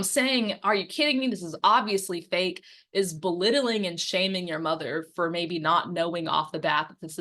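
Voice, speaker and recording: A young woman with a slightly low voice walks listeners through a quiz-style lesson. She poses questions, then coaches through the answers in a friendly way, dropping frequent ums along the way. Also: sharp tone. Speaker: media and democracy campaigner. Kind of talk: instructional quiz-style presentation.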